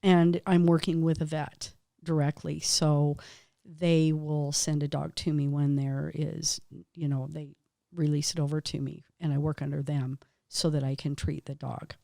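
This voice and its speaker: A woman's voice: sits low, flat delivery, measured pace, gravelly, dark tone, dry recording, studio quality. A woman acupuncturist, a guest in an interview, telling stories in a heartfelt, emotional way. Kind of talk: casual interview conversation.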